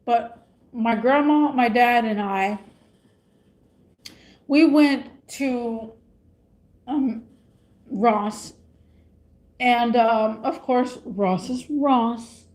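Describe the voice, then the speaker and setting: High-voiced woman ranting casually. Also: extremely slow, pauses often, darkish tone. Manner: rambling, repeats her questions. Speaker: vlogger. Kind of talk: casual rant to camera.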